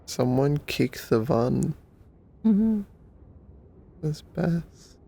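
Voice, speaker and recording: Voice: medium pitch, expressive, drawn-out words, creaky, warm tone. A livestreamer in sleepy, teasing casual chat, greeting viewers.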